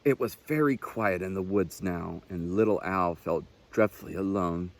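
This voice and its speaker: A man, a naturalist, reading a children's picture book aloud with expressive, unhurried storytelling. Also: low-pitched, slight background noise.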